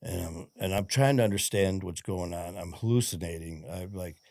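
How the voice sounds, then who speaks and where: A man's voice: low-pitched, moderate pace, gravelly, a little mellow, no room sound, clean studio sound. A man, a former cop and podcast guest, telling his story in a frank, rambling, profane way full of fillers. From Detroit, USA. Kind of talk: casual storytelling interview.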